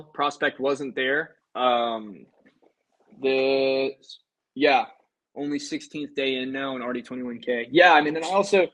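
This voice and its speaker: A man's voice: mid-range voice, fairly bright tone, rough recording. A man, a life insurance agent, chatting casually to livestream viewers between sales calls in a breezy, upbeat way.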